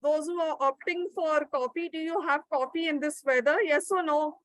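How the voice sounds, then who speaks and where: Woman, online trainer, encouraging, reads out answers, high voice, dry sound. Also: steady tone, moderate pace, a bit bright, no echo, rough recording. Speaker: webinar trainer. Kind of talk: live online teaching session.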